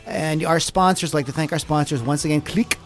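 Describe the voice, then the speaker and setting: Guy hosting a rock radio show, kinda high voice, music under him. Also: fairly quick. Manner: joking, rambling, plugs band dates. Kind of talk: casual radio chat.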